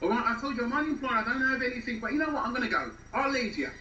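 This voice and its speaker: An actor in a radio drama playing a defensive, jobless English boyfriend who talks in a whiny, rambling way with an English accent. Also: male voice, animated, racing, bright, forceful tone, a little hiss or hum, heavily acted. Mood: weary. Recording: echoey, distant, dull low-fi.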